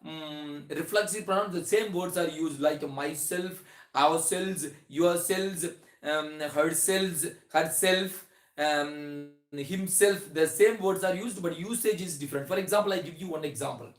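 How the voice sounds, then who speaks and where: A man teaching a grammar lesson, starting many sentences with "so", restarting phrases and drawing out his example words. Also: on the high side. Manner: explains slowly with many "so" openers and restarts, stretches example words. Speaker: English teacher. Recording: echoey room.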